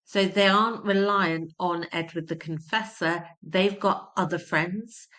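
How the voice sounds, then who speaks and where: A woman's voice: on the low side, fairly even intonation, a little slow, fairly bright tone. Woman teaching history, emphatic. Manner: explains words simply, emphatic repetition. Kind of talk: explanatory history lesson.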